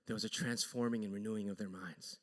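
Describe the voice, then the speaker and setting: A man preaching a sermon as an animated storyteller who acts out the people in his story. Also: lowish voice, quick pace, in a large hall. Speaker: pastor. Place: church sanctuary.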